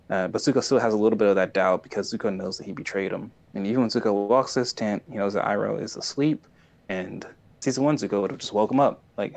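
Male co-host, low and gravelly, earnest and rambling, eager recap. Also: brisk. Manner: earnest, enthusiastic, rambling with fillers and restarts. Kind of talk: casual chat recapping a show.

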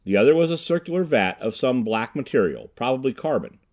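A man reading a classic adventure story aloud in a measured, unhurried storytelling manner. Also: mid-range voice, big pitch swings, a little mellow. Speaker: audiobook narrator. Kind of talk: scripted narration.

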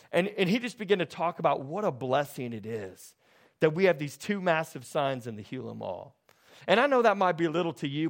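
A man in his thirties preaching a sermon as pastor, telling stories with lively, excited delivery that grows loud. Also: a little high.

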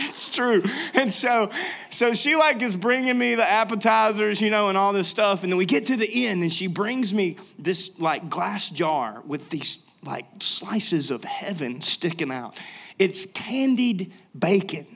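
A young man preaching a sermon in a jokey, lively storytelling way. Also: sits high, moderate pace. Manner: jokey, animated, laughs often. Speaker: pastor.

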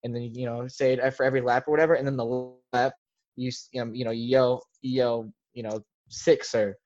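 A man's voice: mid-range voice, level tone, quick pace, darkish tone, lo-fi sound. A young man, a podcast guest, telling a casual story in a rambling way, full of filler words. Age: young adult.

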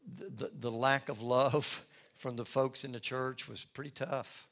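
A middle-aged man preaches from the pulpit, sharing his own testimony. He speaks in a folksy storytelling manner and pokes fun at himself. His voice sits at an ordinary pitch for a man. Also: fairly even intonation, unhurried, creaky, fairly bright tone. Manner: folksy storytelling with self-deprecating humor. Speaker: lead pastor. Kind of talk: sermon with personal testimony.

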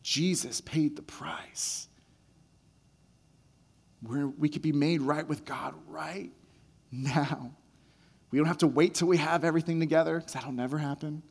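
Slightly high-voiced pastor in a reverberant hall. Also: male voice, normal speed, gravelly, slightly rough. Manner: conversational, repeats words, retells scenes with rising excitement. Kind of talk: sermon.

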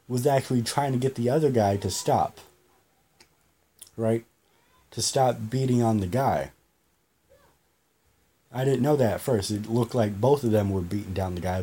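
A man's voice: mid-range voice, warm tone, husky. A man hosting a podcast, telling a story in a rambling, repetitive way and swearing freely. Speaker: podcast host. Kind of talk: casual storytelling monologue.

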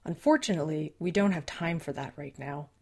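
A woman's voice: low-pitched, a little fast, dark tone, breathy edge. A woman voicing a friendly, teasing young male coyote shapeshifter in an audiobook, cheerful and reassuring. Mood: explaining.

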